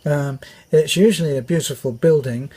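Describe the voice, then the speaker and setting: A man's voice: a little high, normal speed, warm tone, slightly rough. An older British man with a British accent telling a meandering army story with many fillers and restarts. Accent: British English. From Britain. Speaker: vlogger. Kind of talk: rambling anecdote.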